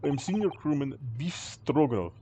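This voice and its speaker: A man's voice: on the high side, very animated, normal speed, background noise. A man voicing a burly, hostile male sailor who speaks blunt, broken English. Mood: gruff. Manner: blunt, menacing, drops articles.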